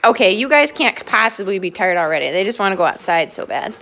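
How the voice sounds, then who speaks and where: A woman's voice: medium pitch, very animated, fast, gravelly, sharp tone. A tired woman hosting a casual home livestream, chatting with viewers and breaking off to give firm commands to her dogs, recorded on a handheld phone. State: tired and a little dizzy. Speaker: pet channel host doing a livestream. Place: messy room at home, indoors.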